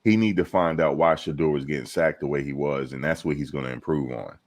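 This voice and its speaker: A man hosting a casual sports chat on a video call, halting with frequent fillers. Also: a bass voice. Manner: halting, lots of "um" and restarts. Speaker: host.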